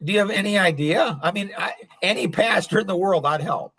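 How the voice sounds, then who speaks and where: Male podcast host, slightly high pitch, loose rambling delivery with frequent chuckles. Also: fairly quick, fairly bright tone, breathy edge. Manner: rambling, chuckling, heavy use of "like". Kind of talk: casual podcast chat.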